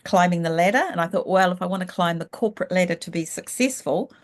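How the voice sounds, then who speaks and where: A middle-aged woman, telling her story frankly and reflectively as an interview guest. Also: fairly low pitch. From New Zealand. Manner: frank and reflective, slows down when thinking back. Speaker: guest, leadership coach. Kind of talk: candid storytelling in a casual interview.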